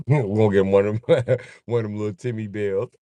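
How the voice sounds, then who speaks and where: A man's voice: on the low side, steady tone, brisk, warm tone, dry recording. A man rambling casually and joking on a livestream, swearing freely and laughing often.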